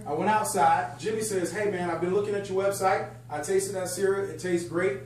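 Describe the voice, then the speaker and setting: A man giving a lively, excitable sales training talk to a live group, chatting and joking with the room. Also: high-pitched, fairly quick. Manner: energetic, excitable, chatty, jokes with the audience. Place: function room at a country club event. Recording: echoey room, distant mic, faint hum.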